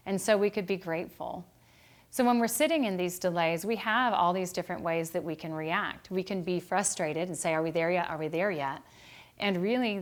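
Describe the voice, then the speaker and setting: A middle-aged woman gives a calm devotional Bible study lesson. Her voice sits on the low side, and her delivery is gentle and unhurried. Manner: calm and gentle, growing quieter toward a meditative close. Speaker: Bible study author and teacher. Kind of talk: reflective devotional talk.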